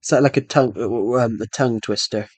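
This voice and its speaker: A man's voice: mid-range voice, fast, husky, dry recording. Young male streamer, mid-range voice, self-deprecating and stumbly, dry close mic. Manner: rambling, self-deprecating, stumbles over words. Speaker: livestreamer. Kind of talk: casual live-stream chat while playing.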